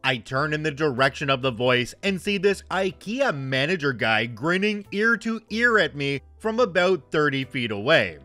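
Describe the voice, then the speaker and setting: A man's voice: a little high, sing-song, moderate pace, hardly any pauses, bright, forceful tone, no room sound, faint music behind. A man in his thirties reading online stories aloud and commenting with wry, joking asides. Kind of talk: casual story narration and commentary.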